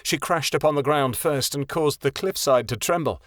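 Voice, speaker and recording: Steady male audiobook narrator. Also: a little high, normal speed, no echo, clean studio sound. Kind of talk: scripted narration.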